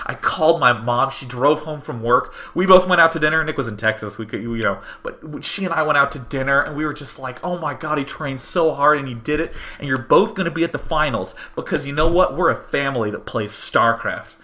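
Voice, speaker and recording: Casting: young male host, bright voice, lively storyteller who mimics other people's lines. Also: brisk, hardly any pauses. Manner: animated, acts out others' words with big jumps in pitch and volume. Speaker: show host. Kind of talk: casual storytelling to a live stream audience.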